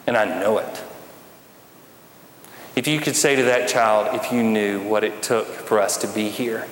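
A man's voice: medium pitch, a bit bright. A man preaching a sermon to a congregation, conversational with wry humor and rhetorical questions. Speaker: pastor. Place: church sanctuary. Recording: echoey hall with faint room noise.

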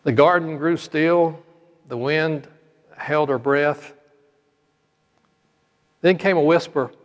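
A male pastor telling a parable during a sermon in a slow, measured storytelling manner. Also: on the high side. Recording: long hall reverb.

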